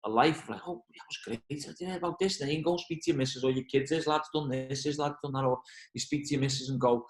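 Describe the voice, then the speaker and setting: A man's voice: medium pitch, fast talker, reverberant, low-quality recording. A football manager, chatting in an interview and acting out the voices in his stories. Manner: animated storyteller, acts out quoted voices. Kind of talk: casual interview.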